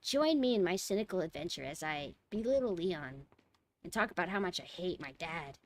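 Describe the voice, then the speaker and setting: A woman's voice: fairly low pitch, animated, moderate pace, slight background noise, voice pushed down, lightly acted. A woman voicing a snarky young woman from a game who acts cynical and self-important. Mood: smug.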